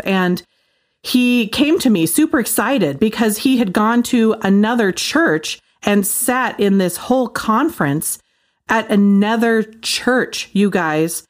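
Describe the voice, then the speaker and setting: Animated, incredulous woman. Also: medium pitch. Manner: animated, incredulous, colloquial, laughs often. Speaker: Christian commentator. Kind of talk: casual monologue.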